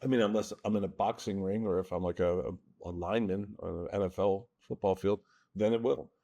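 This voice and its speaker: A man's voice: lowish voice, fairly even intonation, a little fast, mellow, highs cut off. A man, a mental toughness coach, explains his ideas in an interview in an earnest, emphatic way. He often checks in with "right?". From New Jersey.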